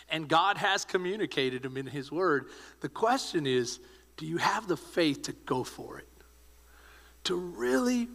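A male pastor preaching with an emphatic, exhorting drive, his high voice swooping up and down. The sound rings out in a church hall with a long reverb. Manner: exhorting, emphatic, rising to shouts. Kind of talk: sermon.

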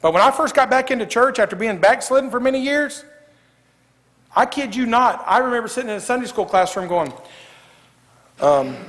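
Animated preacher in an echoing church. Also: male voice, extremely high pitch, fairly quick, pauses often. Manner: lively, jokey, swings from loud to hushed. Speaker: pastor. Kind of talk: sermon. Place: church sanctuary. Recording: echoey church hall.

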